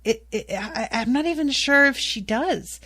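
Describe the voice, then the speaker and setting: A woman's voice: sits high, expressive, measured pace, a bit bright. A woman hosting a solo podcast, recapping a TV episode candidly and with exasperated, swearing asides. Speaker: podcast host recapping a TV series.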